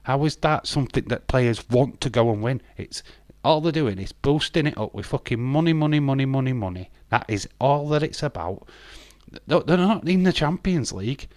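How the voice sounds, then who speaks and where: An English man hosting a casual live stream, swearing bluntly and ranting, his voice hoarse. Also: mid-range voice, expressive, normal speed, darkish tone, no room sound. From England.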